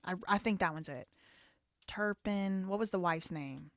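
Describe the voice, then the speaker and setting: A woman's voice: fairly low pitch, unhurried, no room sound. Outspoken woman host, live commentary, hot-tempered and profane, dry close sound. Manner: heated, blunt and profane. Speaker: show host.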